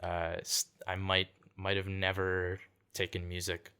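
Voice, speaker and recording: A man's voice: low-pitched, monotone, unhurried, sharp tone, clean tone. A young man from Canada telling a story in casual podcast chat, laid-back, peppering his talk with "like" and "dude" and acting out quotes. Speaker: podcast guest, singer-songwriter.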